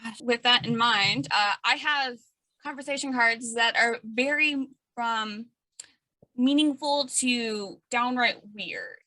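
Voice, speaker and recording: Bright, upbeat woman interviewer. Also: fairly high pitch, no room sound, rough recording. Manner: upbeat, quick to laugh. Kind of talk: casual interview chat.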